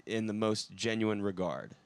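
A man with a lowish, smooth voice talks in a loose, rambling way and swears casually. He chats easily in a dry, close-sounding space. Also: normal speed, dry recording. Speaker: band member, songwriter. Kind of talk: casual podcast chat.

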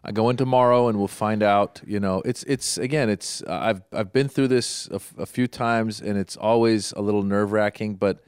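A man's voice: on the low side, fairly even intonation, moderate pace, few pauses, darkish tone, clear, resonant tone, no echo, studio quality. A middle-aged man in casual chat, telling a long story and often restarting his sentences. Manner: rambling storyteller, many restarts. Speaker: podcast co-host.

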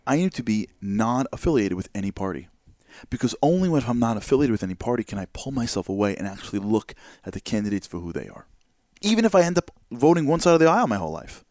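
Fast-talking animated male host. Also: mid-range voice, no echo, studio quality. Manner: animated, rhetorical questions, repeats words. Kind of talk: casual talk-show monologue.

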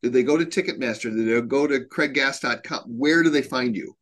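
A man's voice: mid-range voice, brisk, fairly bright tone. A man hosting a podcast, asking a guest questions in a friendly, steering way. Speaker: podcast host. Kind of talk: casual podcast chat.

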